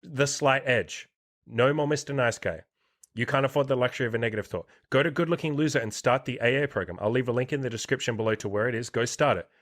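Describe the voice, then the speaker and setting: A man's voice: mid-range voice, fast, a bit bright. A man hosting a podcast interview, talking bluntly in a casual, profanity-heavy way and pushing listeners to take action. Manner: blunt, heavy swearing, pep-talk energy. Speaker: podcast host and dating coach.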